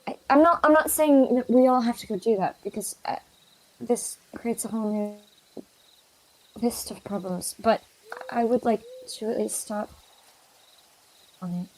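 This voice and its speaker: A woman's voice: fairly high pitch, unhurried, pauses often, darkish tone, a little hiss or hum, poor audio. A woman playing a tabletop game, hesitantly describing what her character does. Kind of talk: casual game chat.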